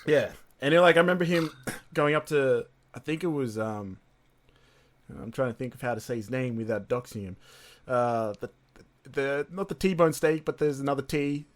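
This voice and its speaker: A man's voice: medium pitch, moderate pace. A young man co-hosting a podcast, telling rambling stories in casual chat and laughing often. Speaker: podcast co-host.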